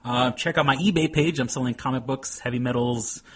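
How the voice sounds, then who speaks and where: A man's voice: mid-range voice, a little fast, a bit bright, husky. A man co-hosting a casual podcast, rambling along with lots of "you know" and blunt swearing. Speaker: podcast co-host.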